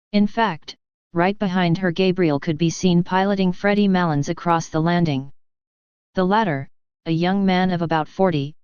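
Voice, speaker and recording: Crisp, low-voiced woman narrator. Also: a little mellow, no room sound. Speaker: audiobook narrator. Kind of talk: scripted narration. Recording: slightly muffled recording.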